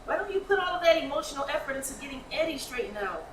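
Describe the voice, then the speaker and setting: A woman's voice: high voice, very animated. An actress playing a stressed woman manager brushing off her ex in a staged comedy reading. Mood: exasperated. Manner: exasperated, brisk. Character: Diana, harried woman DMV manager. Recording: roomy hall, audience noise, far mic.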